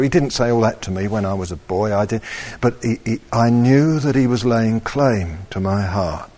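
A man preaching a sermon, slow and animated, rising to loud emphatic peaks. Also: fairly low pitch.

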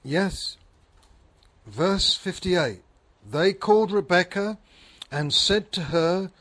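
A man's voice: high voice, expressive, slow, fairly bright tone. A man preaching a sermon. He is earnest, repeats phrases for emphasis and asks his listeners questions.

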